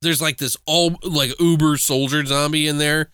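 A man co-hosting a podcast, recapping a horror film in casual, animated, profane chat and acting out lines from it. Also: a little high, normal speed, smooth, dry recording, studio quality. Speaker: podcast co-host. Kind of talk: casual movie review chat.

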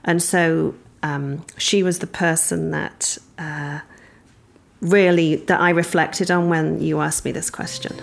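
A woman from England, a podcast guest, telling a personal story thoughtfully with many pauses and ums. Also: deep voice, steady tone, creaky.

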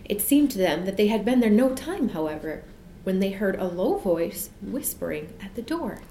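A woman narrating a children's story in an expressive, measured way. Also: medium pitch. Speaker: audiobook narrator. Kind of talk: storybook reading. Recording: echoey room with faint hiss.

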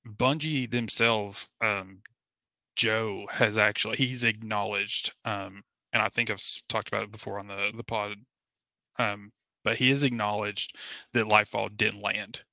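Podcast guy with a really bright edgy voice, kinda low, flat delivery, lots of ums. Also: a little slow, creaky, dry recording. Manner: earnest, many fillers and restarts. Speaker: podcast co-host. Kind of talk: casual chat.

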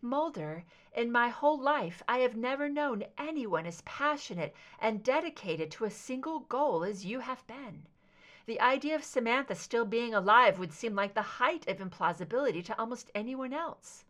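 A woman voicing a calm, firm female FBI agent in an audiobook, speaking steadily and low. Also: normal speed. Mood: steady.

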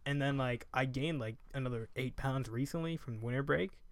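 A man's voice: mid-range voice, moderate pace, no echo. A young man co-hosting a podcast, talking in a laid-back way full of "dude" and "like". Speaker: podcast co-host. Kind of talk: casual chat.

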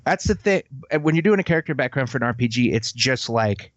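A man hosts a relaxed chat about role-playing games, nudging his guest along and telling his own anecdotes with frequent repeated words. His voice sits mid-range, and the recording is dry and slightly dull. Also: medium pitch, brisk, dry recording. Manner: prompting, storytelling, repeats words.

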